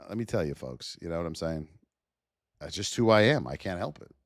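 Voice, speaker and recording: A man's voice: low voice, expressive, moderate pace, no room sound, studio quality. A man hosting a live trading stream in a blunt, chatty way, telling stories, reading out price levels and calling out to viewers by name.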